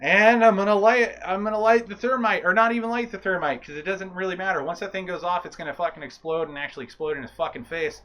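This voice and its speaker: A man playing in a tabletop role-playing game, talking in an excitable, playfully insistent way. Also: high voice, fast, hardly any pauses, soft background music. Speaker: player. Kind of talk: casual tabletop role-play chat.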